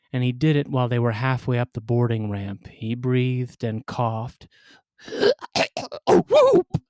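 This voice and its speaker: A man hosting and telling a scripted personal story, with wry, dramatic delivery and pointed pauses. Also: mid-range voice, a little mellow, dry recording, clean studio sound. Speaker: storyteller and podcast host.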